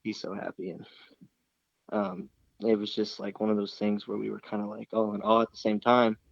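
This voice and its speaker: Low-voiced young man rambling through a story. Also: little pitch movement, normal speed, gravelly, no room sound. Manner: rambling, full of restarts and fillers. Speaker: interview guest, hunter. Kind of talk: casual storytelling. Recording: slightly dull, dry recording.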